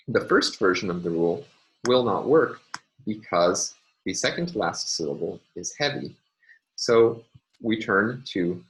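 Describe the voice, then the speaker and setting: A man's voice: low voice, a little hiss or hum, poor audio. A man lecturing on linguistics over slides, careful and self-correcting, with frequent ums and uhs.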